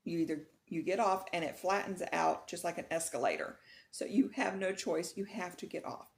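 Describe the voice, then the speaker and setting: Lower-pitched woman vlogger telling a story. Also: moderate pace, vocal fry. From Texas. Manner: animated, laughing retelling of a nightmare. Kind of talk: casual vlog storytelling.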